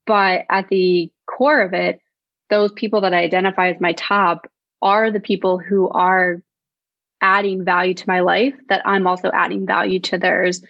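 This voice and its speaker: A young woman co-hosting a podcast, speaking in a slow, reflective way with many fillers. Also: lowish voice, gravelly, no room sound. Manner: reflective, talks slowly with many likes and ums. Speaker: podcast co-host. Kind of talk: casual podcast chat. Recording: slightly muffled dry mic.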